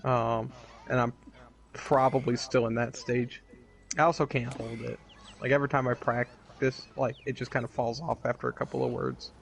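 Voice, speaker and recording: Gravelly young man running game night. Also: medium pitch, expressive, normal speed. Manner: laughs often, loose and joking. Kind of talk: casual chat planning a tabletop game.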